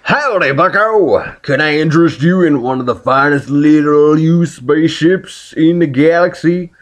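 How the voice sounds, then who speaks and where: A man's voice: a little high, a little slow, lightly acted. A man doing a hammy spaceship dealer voice. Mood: salesy. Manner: over-the-top sales patter in an odd accent. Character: hearty male used-spaceship dealer, big guy.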